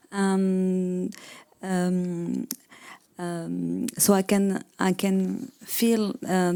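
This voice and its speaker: A woman's voice: on the low side, warm tone. A French woman with a French accent moderating a live panel, speaking hesitantly with many ums and uhs. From France. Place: live event on stage.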